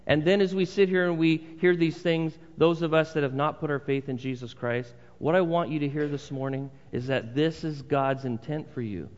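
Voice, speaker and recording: A man's voice: on the high side, steady tone, normal speed, few pauses. A male pastor preaching a sermon in a church, conversational with emphatic repeated phrases. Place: church sanctuary. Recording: long hall reverb, dull sound.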